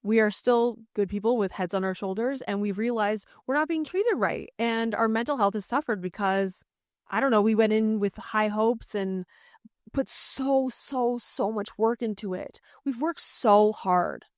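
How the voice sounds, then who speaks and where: A woman's voice: fairly high pitch, measured pace, no echo, studio quality. A woman co-hosting a podcast, speaking earnestly and reflectively in casual chat. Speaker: podcast co-host, media worker.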